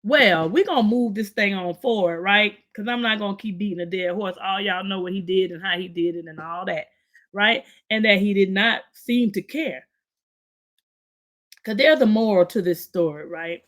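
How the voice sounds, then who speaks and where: A woman's voice: mid-range voice, moderate pace, a bit bright. A woman hosting a recap podcast, giving chatty, opinionated commentary straight to her listeners. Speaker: podcast host recapping a story. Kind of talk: casual commentary.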